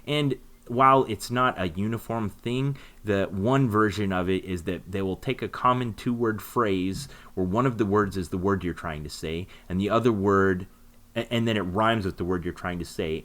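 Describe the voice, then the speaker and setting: A man's voice: low-pitched, a bit bright. A man co-hosting a podcast, explaining things in a rambling casual way with many fillers. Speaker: podcast co-host.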